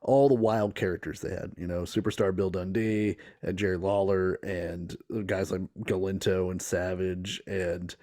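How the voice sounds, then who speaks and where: A man's voice: sits low, flat delivery, normal speed, hardly any pauses, darkish tone. A man co-hosting a comedy podcast, casually retelling a story with frequent laughs. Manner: laughs often, slips into impressions while retelling. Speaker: podcast co-host.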